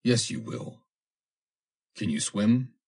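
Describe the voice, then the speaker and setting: An actor reading the part of a grim, stern man who gives hard orders quietly in a crisis. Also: on the low side, very animated, slow, creaky, breathy edge, exaggerated voice.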